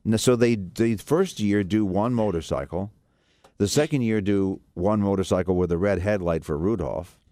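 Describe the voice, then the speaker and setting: Deep-voiced earnest radio host. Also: male voice, moderate pace, dark tone, no room sound. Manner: rambling, earnest, frequent restarts and fillers. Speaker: radio talk show host. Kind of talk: casual radio talk.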